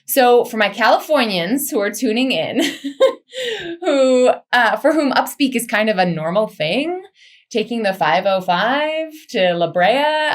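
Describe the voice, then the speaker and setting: A woman giving a lively career webinar talk, chatty and quick to laugh, with casual slang mixed in. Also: fairly high pitch. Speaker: career coach presenter. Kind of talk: webinar presentation.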